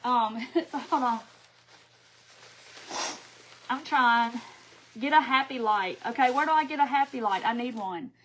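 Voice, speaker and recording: Woman, middle-aged, craft live-stream host; rambling, chatty, slightly high voice. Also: moderate pace, a bit bright, a little hiss or hum. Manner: rambling, chatty, reads out viewer comments, often laughs. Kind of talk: casual live-stream chat while crafting.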